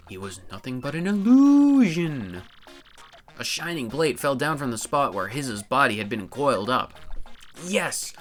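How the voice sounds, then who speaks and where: Boastful plumber hero, voiced by a male streamer with a put-on accent, bright tone, soft music under it. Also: mid-range voice, lightly acted. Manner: tries for an Italian-style accent, bragging storytelling. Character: boastful adult male plumber hero, tall-tale teller. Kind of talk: reading game dialogue on a live stream.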